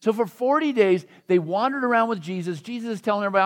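A man's voice: high-pitched, expressive, quick pace, hardly any pauses. A man preaching a sermon in a conversational storytelling way, acting out the voices of the people in the scripture he reads. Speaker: pastor.

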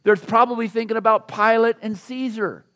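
High-voiced preacher telling the story. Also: male voice, fairly even intonation, normal speed, fairly bright tone. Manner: conversational storytelling preacher, acting out quoted voices. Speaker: pastor. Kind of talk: sermon.

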